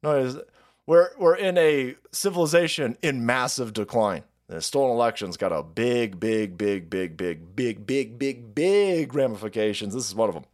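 A man's voice: medium pitch, animated, moderate pace. A man ranting crudely on a live stream, mocking and often breaking into laughter. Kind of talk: profane ranting commentary.

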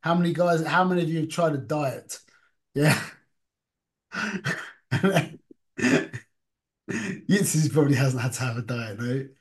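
A Torah teacher with a rather high-pitched voice leads an informal class, speaking slowly and pausing often. He chats with the group, puts questions to them, and sprinkles Hebrew and Yiddish terms into his English.

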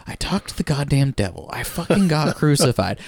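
A man's voice: a little high, very animated, rapid-fire, vocal fry, no room sound, clean studio sound, voice pushed up, full character voice. A man playing a weary, exasperated male dreamer who rants and swears heavily. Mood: furious. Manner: ranting, heavy swearing.

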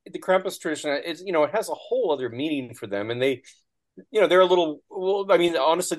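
A man speaking as a guest in casual chat, thoughtful and hesitant. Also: medium pitch.

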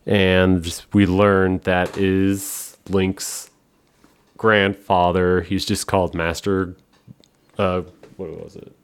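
A man with a very low voice hosts a podcast, talking loosely and at length. His speech is full of fillers like "like" and "um", and it is peppered with casual swearing. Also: flat delivery, slow, clean tone. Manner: rambling, profane, full of fillers. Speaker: podcast host. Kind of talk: casual chat.

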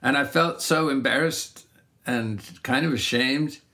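Middle-aged male songwriter, reflective and rambling, average pitch, talks in loose casual chat. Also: unhurried, bright, forceful tone. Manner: reflective, rambling, frequent restarts. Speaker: singer-songwriter. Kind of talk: casual conversation.

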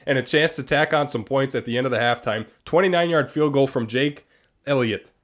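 A young man hosting a casual sports talk show, animated and exasperated, often laughing. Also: mid-range voice, brisk. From Wisconsin. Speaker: sports podcast host.

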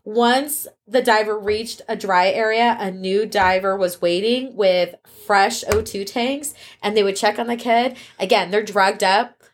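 A woman's voice: medium pitch, steady tone, a little slow. A woman co-hosting a casual podcast, retelling a news story in a chatty way and acting out what people said. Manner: storytelling, retells events with quoted voices. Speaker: podcast co-host. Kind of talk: casual chat.

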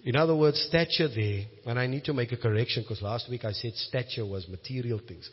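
A man with a South African accent preaching a sermon, moving from quiet storytelling to loud, emphatic declarations. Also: medium pitch, brisk, breathy edge. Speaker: pastor. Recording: muffled sound with long hall reverb.

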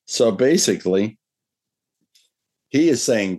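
Low-voiced man preaching a sermon. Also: darkish tone. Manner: earnest preaching, slows and lifts his voice when reading scripture. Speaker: pastor.

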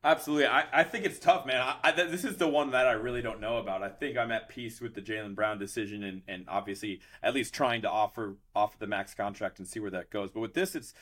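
Fast-talking male podcast host. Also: fairly low pitch. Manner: animated, rambling with many restarts. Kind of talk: casual sports chat.

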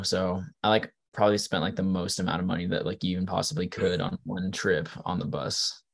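A young man, a college student, recounting his own mishap in an amused, self-mocking way. His voice sits a little low. He talks casually over a video call. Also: vocal fry. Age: young adult. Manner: self-deprecating storyteller, laughing at himself. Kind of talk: casual chat.

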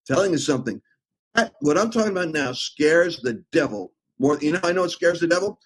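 A middle-aged man preaching in an emphatic, rambling way, with sudden loud outbursts. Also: a little high, lively intonation, fairly quick, slight background noise, low-quality recording. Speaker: preacher and host. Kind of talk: impassioned preaching talk.

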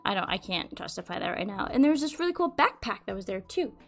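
A young adult woman hosting a podcast, telling a rambling, animated story in casual chat and swearing freely. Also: mid-range voice, quick pace, soft background music. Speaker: podcast host.

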